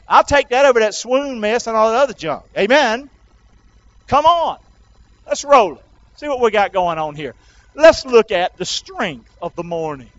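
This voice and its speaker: High-pitched animated preacher man. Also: moderate pace, dry recording, muffled recording. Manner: animated preaching, calls for congregation to repeat. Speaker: pastor. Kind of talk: sermon.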